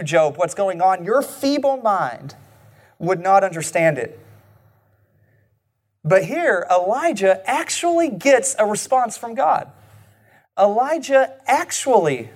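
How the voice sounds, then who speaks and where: A man preaching a sermon in an earnest way, slowing down and dropping his voice low and soft on key lines.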